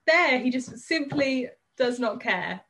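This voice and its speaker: Young woman, kinda high voice, jokey and teasing, asks a lot of questions. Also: animated, takes it slowly, a bit bright. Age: young adult. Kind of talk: casual chat.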